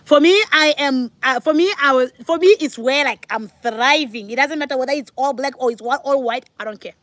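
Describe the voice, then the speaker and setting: High-voiced chatty woman in her forties. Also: fairly quick, a bit bright, no room sound. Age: 40s. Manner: chatty, talks to viewers, laughs often. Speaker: vlogger, mother. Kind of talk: casual sit-down chat.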